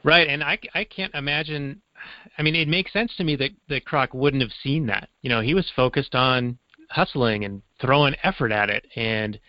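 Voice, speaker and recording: A man's voice: mid-range voice, moderate pace, dry recording. A man co-hosting a podcast, explaining a movie's business plot in a casual, wry, teasing way. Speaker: podcast co-host. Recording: dry, slightly dull lo-fi sound.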